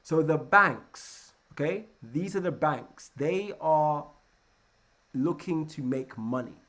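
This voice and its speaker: Man, somewhat high pitch, live trading lesson, energetic, checks in with listeners. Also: takes it slowly. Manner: energetic, keeps checking in with "right?"; repeats and restarts words. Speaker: trading coach.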